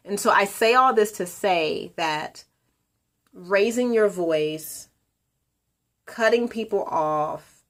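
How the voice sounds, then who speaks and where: Calm upbeat woman, slightly low voice. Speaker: colon hydrotherapist and business owner. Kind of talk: motivational video message.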